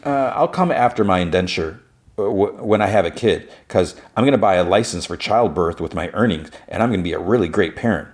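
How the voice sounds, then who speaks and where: A man's voice: deep voice, brisk. A man voicing an eager young woman contract worker who talks in a chatty, upbeat way.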